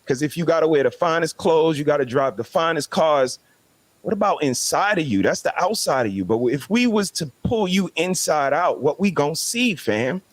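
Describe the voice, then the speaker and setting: A man's voice: on the high side, animated, moderate pace, dry recording. Ny guy in his 40s on a podcast, preachy and emphatic, points climb up as he goes. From New York City. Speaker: podcast guest. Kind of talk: casual podcast discussion.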